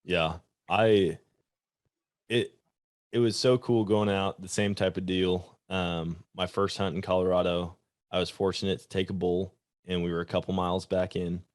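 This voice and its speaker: A man hosting a podcast, chatting in a relaxed way with short agreeing replies. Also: low voice, moderate pace. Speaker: podcast host. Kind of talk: casual conversation.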